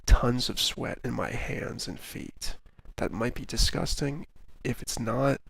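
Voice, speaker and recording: A man's voice: mid-range voice, animated, takes it slowly, gravelly, a bit bright, husky, dry recording. A man streaming a video game in a casual, rambling, self-deprecating chat with jokey asides. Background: video game music.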